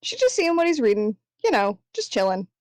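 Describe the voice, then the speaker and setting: Lively high-pitched woman player. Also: a little fast, no room sound. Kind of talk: playing a tabletop game.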